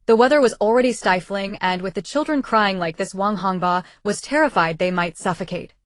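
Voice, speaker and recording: Woman with an even storybook narration. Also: medium pitch, brisk, dry recording. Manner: even, steady reading of a translated web novel, with slips in pronouns. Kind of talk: scripted audiobook narration.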